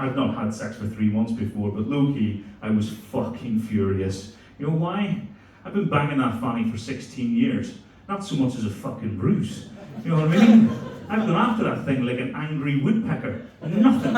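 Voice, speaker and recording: A man, doing crude, animated stand-up at a comedy club. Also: medium pitch. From Belfast, Northern Ireland. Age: 40s. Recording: echoey club room, mic from far.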